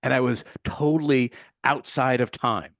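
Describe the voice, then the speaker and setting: A man's voice: medium pitch, unhurried, fairly bright tone, no room sound, clean studio sound. A man who teaches meditation, a podcast guest telling an earnest personal story in casual talk and searching for the right words.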